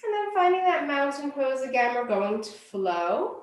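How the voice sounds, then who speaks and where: A woman teaching a yoga class, giving calm, unhurried cues for poses and breathing. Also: high-pitched, reverberant. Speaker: yoga instructor. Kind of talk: guided yoga class instruction.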